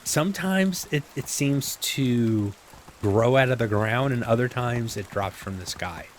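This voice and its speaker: With a mid-range voice, lively intonation and an unhurried pace, a man gives relaxed let's-play commentary into a desk microphone, chatty, self-mocking and prone to rambling asides, over a faint hiss or hum.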